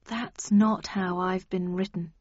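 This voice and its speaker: A woman reading a weary, brooding male detective in an audiobook, often slow and sometimes hushed. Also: mid-range voice, husky, dry recording, highs cut off, natural voice. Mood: doubtful.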